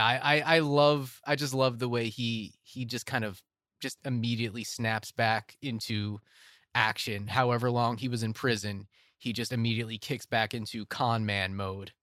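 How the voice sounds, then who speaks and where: A man's voice: medium pitch, sharp tone, no room sound, clean studio sound. A young man hosting a casual film podcast, talking with enthusiasm and often restarting his phrases. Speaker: podcast host.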